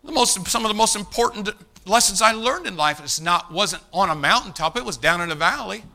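A man's voice: high voice, expressive, fairly quick, gravelly, bright, forceful tone. A man preaching a sermon, emphatic, calling out to the congregation and addressing people by name. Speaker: pastor.

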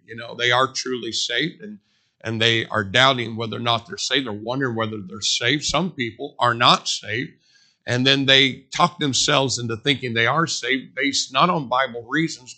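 A man's voice: medium pitch, sharp tone. A man preaching a sermon in a conversational, storytelling way, stressing points by repeating them. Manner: conversational storytelling with emphatic repetition.

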